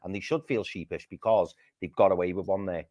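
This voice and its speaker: A low-voiced man vents his fury after a football match, hammering the same points over and over and swearing. His voice is close and dry, recorded on a home mic in his living room. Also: fairly even intonation, fairly quick, a little mellow, dry recording, highs cut off. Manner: furious, ranting, repeats himself for emphasis, swears. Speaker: football podcast co-host. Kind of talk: heated post-match fan chat on a livestream.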